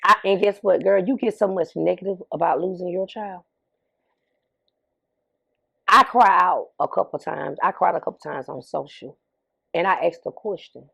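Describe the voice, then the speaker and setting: A woman's voice: fairly low pitch, normal speed, creaky, long pauses, fairly bright tone, slightly rough. A middle-aged woman talking candidly as an interview guest, emphatic, often repeating herself and asking rhetorical questions. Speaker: interview guest, bereaved mother.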